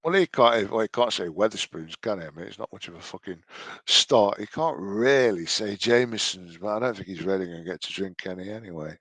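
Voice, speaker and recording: Brief: man, lowish voice, deadpan mocking voice-over, dry close recording. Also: a little fast, no echo. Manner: mocking, sweary, deadpan asides. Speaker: commentator. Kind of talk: sarcastic reaction commentary.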